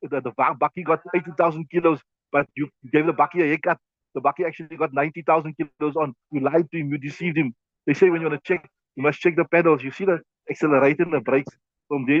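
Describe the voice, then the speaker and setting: A South African man gives a hadith lesson at a rapid clip, his voice set a touch high. He talks conversationally and recites Arabic quickly. The recording is dry and a bit dull. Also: dry recording. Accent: South African English. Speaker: mufti teaching a hadith class. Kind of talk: hadith class lecture.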